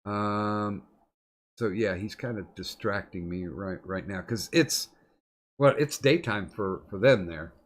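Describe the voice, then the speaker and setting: A man's voice: fairly low pitch, slow pace. A middle-aged man hosting a podcast, telling long rambling stories in casual chat, swearing often. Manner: profane, rambling storyteller. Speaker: podcast host.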